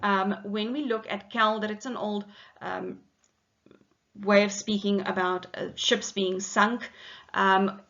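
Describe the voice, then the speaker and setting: A middle-aged woman teacher speaks at a medium pitch. She explains a poem step by step, pausing on ums as she goes. The recording sounds dull and lo-fi. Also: steady tone, fairly bright tone. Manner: explanatory, methodical, with frequent ums. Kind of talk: poetry lesson.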